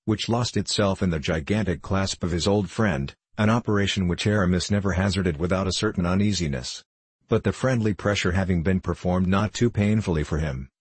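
Low, husky male audiobook narrator. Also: dry recording. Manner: steady, even storytelling. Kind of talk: scripted narration of a classic novel.

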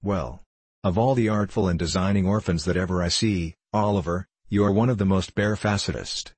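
A pompous, solemn parish beadle, read by a man in a low, husky tone. The delivery is hushed and self-important, recorded dry and close. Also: a little fast, no echo.

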